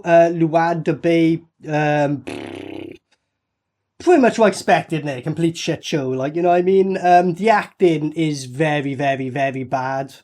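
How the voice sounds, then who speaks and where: A man's voice: a little high, a little mellow. Sarcastic man swearing through reviews. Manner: sarcastic, mocking, swears constantly. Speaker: movie reviewer. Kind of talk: profane commentary over film clips.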